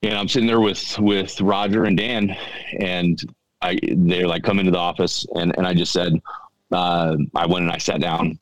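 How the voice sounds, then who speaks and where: A middle-aged man telling a story on a podcast in a halting, earnest way, often repeating his words. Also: deep voice, flat delivery, no room sound, muffled recording. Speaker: podcast guest. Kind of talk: casual storytelling.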